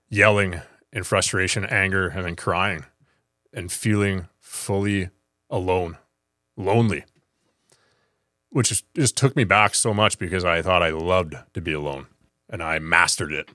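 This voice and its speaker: Casting: male podcast host, very low voice, earnest and measured, dry close sound. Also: pushed and bright, no room sound. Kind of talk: reflective conversation.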